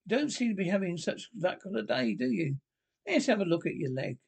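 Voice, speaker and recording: Guy doing a excited rat from a storybook, snappy and impatient, kinda gravelly. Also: high-pitched, voice pushed up, heavily acted. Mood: kindly. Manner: eager, quick to scold. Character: excitable male water rat, bossy and impatient. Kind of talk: storybook reading.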